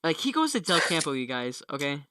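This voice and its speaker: A teenage boy co-hosting a casual podcast, excitable and laughing between words. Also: fairly high pitch, a little fast, a crowd in the background. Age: teens. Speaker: podcast co-host. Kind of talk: casual chat.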